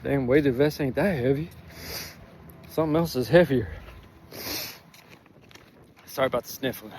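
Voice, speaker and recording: A man's voice: medium pitch, unhurried, a little mellow, a little hiss or hum. Candid, emotional man. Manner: candid, heartfelt, swears freely, many fillers. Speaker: vlogger sharing his recovery. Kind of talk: emotional personal vlog. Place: outdoors in sun and breeze.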